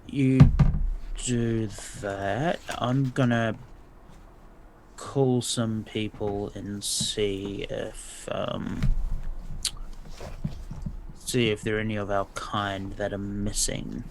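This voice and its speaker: Male player, low monotone, slow and terse. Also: a little hiss or hum. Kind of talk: in-character tabletop play.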